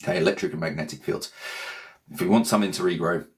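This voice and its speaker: A man's voice: deep voice, fast talker. A man, a meditation teacher and author, talking casually and loosely to viewers, often checking in with "okay?". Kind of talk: casual rambling talk to viewers.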